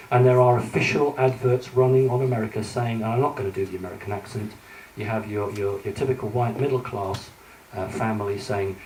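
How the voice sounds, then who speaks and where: A British man speaks at a conference with slides, his mid-range voice slightly mellow and his pace moderate. He sounds earnest and cautionary, with plenty of fillers and restarts. The recording captures him from a distance in a large, echoey hall, with faint hiss.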